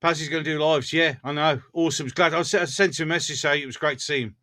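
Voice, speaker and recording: A man's voice: fairly high pitch, fairly even intonation, fast, sharp tone. A man with a Black Country accent hosting a casual livestream, chatting with viewers, joking and laughing often. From English Black Country. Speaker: livestream host. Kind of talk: casual live chat reading comments.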